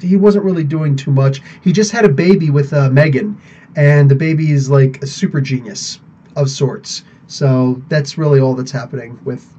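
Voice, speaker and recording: A man hosting a live podcast stream, chatting casually, rambling and laughing as he answers viewers. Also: on the high side. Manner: rambling, animated, laughs often. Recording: dull lo-fi sound.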